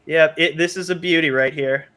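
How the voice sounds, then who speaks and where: Brief: high-pitched male stream host, rambling, laughing, casual. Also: fairly even intonation, moderate pace, sharp tone, slight background noise. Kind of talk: casual live stream chat.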